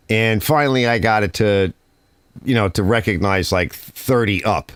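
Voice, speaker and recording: A man's voice: on the low side, normal speed, a bit bright, clear, resonant tone, no echo, clean studio sound. A middle-aged man hosting a casual livestream from his garage, telling a rambling, exasperated story. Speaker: garage channel host. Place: home garage workshop. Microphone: streaming setup mic.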